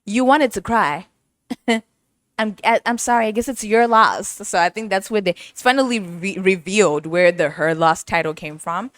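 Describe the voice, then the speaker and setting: A young woman hosting a casual music podcast, animated, laughing often and mimicking voices as she talks. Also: mid-range voice, moderate pace, no echo, studio quality. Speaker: podcast host.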